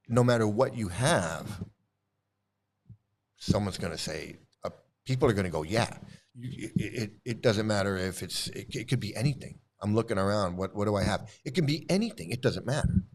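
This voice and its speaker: A man delivering a rambling, sarcastic commentary rant as an online commentator. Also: medium pitch.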